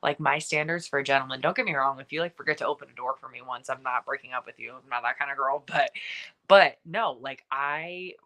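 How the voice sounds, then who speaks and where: A young woman speaking as a podcast guest in casual conversation, talkative and lively, with many fillers and asides. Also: rumbling low, fairly quick.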